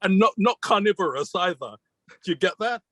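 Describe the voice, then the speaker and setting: A man's voice: high-pitched, lively intonation, fairly quick, fairly bright tone, dry recording. A British magician being interviewed, telling stories in an earnest, reflective way and replaying his mentors' advice as quoted dialogue. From Britain. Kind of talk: conversational storytelling.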